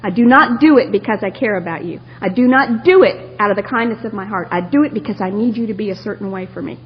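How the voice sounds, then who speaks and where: A woman's voice: mid-range voice, fast. A woman from Texas sharing her own story at a recovery meeting, telling it with humor and frequent laughter. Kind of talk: personal recovery share to a live audience. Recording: lo-fi tape of a talk in a hall.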